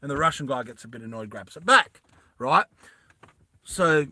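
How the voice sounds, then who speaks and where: Rambling bright-voiced man spinning a story. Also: medium pitch, animated, no echo. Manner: rambling, loose, full of fillers and restarts; acts out characters' lines in quick bursts. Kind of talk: improvised storytelling to an audience.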